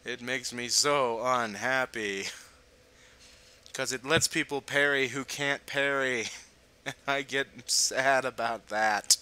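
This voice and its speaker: A man's voice: mid-range voice, slow pace, bright, forceful tone, smooth, poor audio. A young man giving casual gameplay commentary, chatty and laughing, with playful sarcastic asides.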